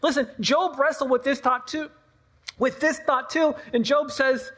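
In a large, reverberant hall, a pastor with a high voice delivers a church sermon at a measured pace, his tone steady and a bit bright. He speaks conversationally, restating his points and adding playful asides.

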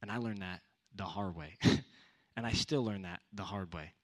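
A man's voice: sits low, moderate pace, a bit bright. A young man giving a casual youth sermon, conversational with punchy repeated exhortations. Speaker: youth speaker.

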